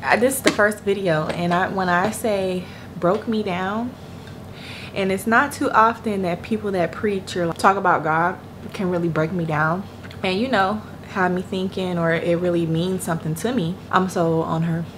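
A woman's voice: lowish voice, steady tone, moderate pace. A young woman chatting casually to her viewers from her bed at home, slangy and talkative, speaking to them as "y'all". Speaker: vlogger. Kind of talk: casual chat to camera. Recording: noisy room ambience behind voice.

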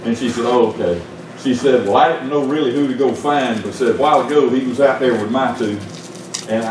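An older man with a Southern US accent preaching a sermon, telling stories in a folksy way with big swings in pitch. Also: noisy background. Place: church sanctuary. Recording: echoey church from far off.

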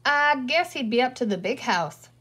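A pompous, round little green man from a storybook, drawling like an old cowboy, as a woman reader acts him out. He speaks a little high, with a lively lilt. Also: normal speed. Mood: chatty.

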